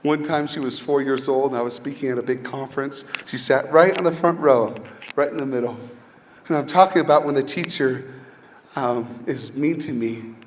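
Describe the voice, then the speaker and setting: A man's voice: mid-range voice, moderate pace, a little hiss or hum. A male motivational speaker giving an inspirational speech to a school audience, telling personal stories and asking rhetorical questions. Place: large hall with an audience. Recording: long hall reverb, faint ambience.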